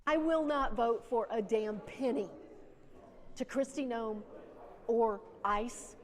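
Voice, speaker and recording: A woman's voice: on the high side, slow pace. A woman lawmaker speaking with indignant emphasis in a political speech.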